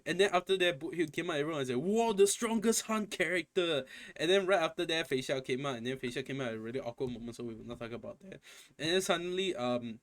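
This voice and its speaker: A man's voice: medium pitch, very fast, few pauses, a bit bright. A young man ranting in a casual gaming commentary, exasperated and profane, often repeating and restarting his phrases. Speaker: gaming content creator.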